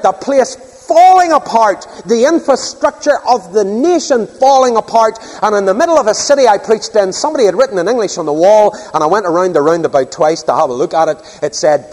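Emphatic older preacher. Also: male voice, lively intonation, a little fast, few pauses, darkish tone. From Northern Ireland. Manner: emphatic, rhetorical questions, sweeping pitch. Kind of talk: sermon. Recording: long hall reverb.

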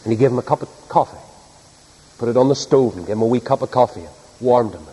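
A man's voice: mid-range voice, quick pace, mellow, husky. A man preaching, telling a story in a homely, earnest way. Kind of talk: sermon storytelling. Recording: echoey hall.

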